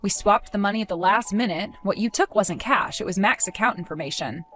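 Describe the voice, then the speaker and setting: A woman in a dramatized story, speaking as a wronged fiancée, calm, cold and accusing, over faint music. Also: medium pitch, fairly quick. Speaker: wronged fiancée telling her side.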